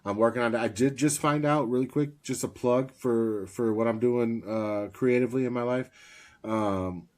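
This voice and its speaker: A man's voice: mid-range voice, normal speed. A man in his thirties co-hosting a casual podcast, telling family stories with frequent laughs and free swearing. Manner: laughs often, swears freely, storytelling. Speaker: podcast co-host.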